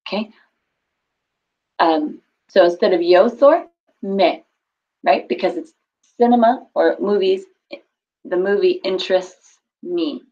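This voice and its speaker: A woman's voice: medium pitch, slow, pauses often, mellow. A woman teaching Spanish to a class over a video call, explaining patiently and encouraging students. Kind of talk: online class instruction. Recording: dull lo-fi call audio.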